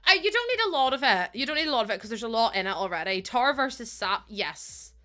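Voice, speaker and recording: A woman's voice: fairly high pitch, very animated, a little fast, pushed and bright. A young woman live-streaming, chatting casually with her chat, giggling often and greeting viewers as she talks.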